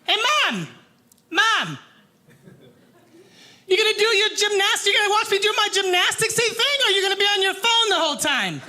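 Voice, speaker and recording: A woman putting on the voice of a young girl yelling at her mom across a gym, in a noisy live comedy room. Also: extremely high pitch, sing-song, normal speed, long pauses, voice pushed up, full character voice. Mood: demanding. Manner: shouting, whiny.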